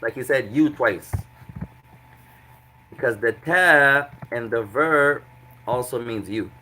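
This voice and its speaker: A man leads an Arabic class with a bright, forward voice, patiently repeating each translation and walking through the grammar step by step. A faint hiss sits under his speech. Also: mid-range voice, takes it slowly, rough recording. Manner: breaks grammar into small steps. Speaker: Arabic teacher. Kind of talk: classroom lesson.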